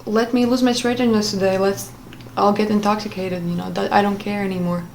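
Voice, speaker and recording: A young woman talks through a personal story in a loose, unscripted way, full of fillers, restarts and asides. Her pitch sits in an ordinary middle range. A faint hiss runs under the recording. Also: steady tone, a little fast. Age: young adult. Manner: rambling with frequent fillers and restarts. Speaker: vlogger. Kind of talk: casual storytime monologue.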